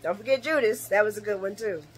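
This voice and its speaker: A woman hosting a casual late-night soap opera recap vlog, animated and laughing often as she acts out characters' lines. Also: medium pitch, fast, husky.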